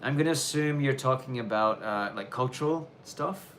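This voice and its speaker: A mid-range male voice at a moderate pace, fairly bright in tone, comes through with a little hiss or hum. The speaker hosts a casual live question-and-answer stream from the snowy countryside of Japan, chatting loosely and rambling with plenty of fillers and restarts.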